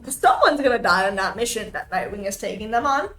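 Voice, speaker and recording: A woman's voice: medium pitch, animated, a little fast, fairly bright tone. A woman streamer ranting on a live stream, exasperated and swearing freely.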